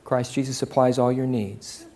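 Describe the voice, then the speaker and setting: Male pastor, sermon delivery, swings between booming passion and soft near-whisper, mid-range voice. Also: steady tone, moderate pace. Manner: swings from loud impassioned preaching to hushed near-whisper.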